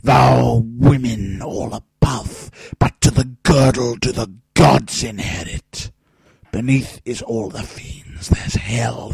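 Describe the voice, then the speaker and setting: A man acting out a mad elderly king, slow and theatrical, swinging between shouts and hoarse whispers with a husky voice. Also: mid-range voice, no echo, heavily acted. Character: raving mad old king, male, elderly.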